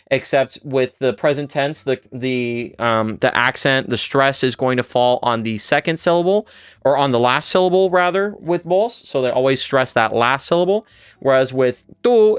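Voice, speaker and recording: A man's voice: medium pitch, clean tone, no room sound, clean studio sound. A man teaching a casual live-streamed Spanish lesson, thinking aloud with fillers and restarts while he writes out conjugations.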